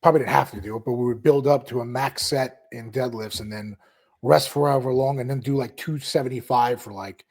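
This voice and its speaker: A man's voice: medium pitch, a little fast, darkish tone. A man co-hosting a podcast as a coach, chatting casually and asking follow-up questions. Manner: conversational, asks follow-up questions. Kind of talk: casual chat.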